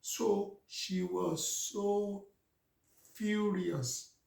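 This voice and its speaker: A man's voice: high-pitched, fairly even intonation, drawn-out words, vocal fry, darkish tone, echoey room. A man, a vlogger telling a casual story and talking straight to his viewers. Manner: anecdotal, addresses viewers directly.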